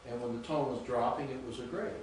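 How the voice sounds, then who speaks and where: A man teaching a classroom lesson, picked up from a distance in a very echoey room with faint background noise. He speaks haltingly, repeats words and keeps quizzing his students. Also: mid-range voice, a little mellow. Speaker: Greek teacher. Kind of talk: classroom lecture. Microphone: distant room mic.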